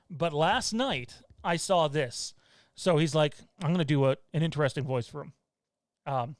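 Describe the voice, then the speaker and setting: A male host talks off the cuff on a home livestream, blunt and rambling, with bursts of swearing. His voice is smooth and fairly high for a man. The sound is dry and close. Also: normal speed, no room sound. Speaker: show host. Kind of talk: casual livestream chat.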